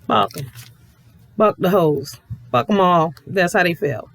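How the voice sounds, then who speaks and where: A woman's voice: lowish voice, a little slow, long pauses, no echo. A woman YouTube commentator ranting bluntly to her viewers, swearing freely and talking to them directly. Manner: blunt, profane, sassy, addresses viewers directly.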